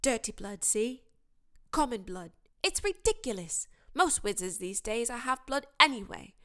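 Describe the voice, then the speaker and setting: Ron, a woman voicing a hoarse sick boy. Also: on the high side, sing-song, a little slow, fairly bright tone. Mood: indignant. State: hoarse and queasy. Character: young teen wizard boy, sick and hoarse.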